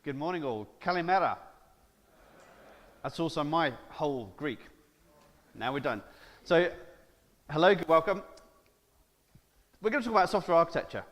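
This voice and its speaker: Man, keynote speaker, slightly high voice, jokey, quizzing the audience, echoing hall. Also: fairly bright tone. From Jersey. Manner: playful, jokey, addresses audience with questions. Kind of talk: conference keynote talk. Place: large conference hall. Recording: hall reverb from stage mic.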